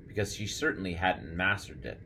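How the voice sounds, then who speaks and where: Low-voiced male audiobook narrator. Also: expressive, brisk, pushed and bright, a little hiss or hum. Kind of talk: scripted narration.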